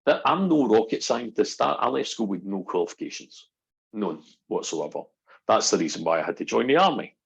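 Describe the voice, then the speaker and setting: A middle-aged man, a guest on a casual podcast, talking as an animated storyteller who acts out what people said. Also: on the low side, a little fast, creaky, slightly rough, rough recording. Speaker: guest, NLP practitioner.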